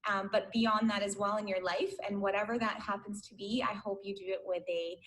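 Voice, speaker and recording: A woman teacher speaks fondly to students she once taught, wishing them well over a video call. Her voice sits in a middle pitch and stays gentle and affectionate. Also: steady tone, brisk, slight background noise, rough recording. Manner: warm, affectionate, tender. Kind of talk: farewell speech.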